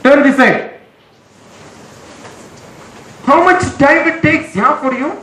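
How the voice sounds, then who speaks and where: Stern high-pitched man lecturing. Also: slow pace, bright, forceful tone, a little hiss or hum. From India. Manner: stern, scolding, commanding, repeats orders. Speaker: motivational trainer. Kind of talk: classroom lecture to students. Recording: echoey room.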